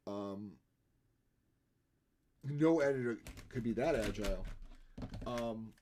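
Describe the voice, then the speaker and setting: A man's voice: fairly low pitch, takes it slowly, warm tone, slight background noise. A man livestreaming his artwork, talking in a rambling, casual way and laughing often. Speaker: livestreaming artist. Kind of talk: casual chat while drawing on a live stream.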